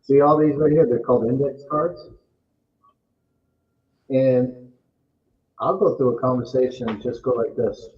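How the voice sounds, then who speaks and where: A man from Massachusetts co-hosting a casual real estate chat, emphatic and quick to agree. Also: mid-range voice, dull audio. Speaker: real estate agent, co-host.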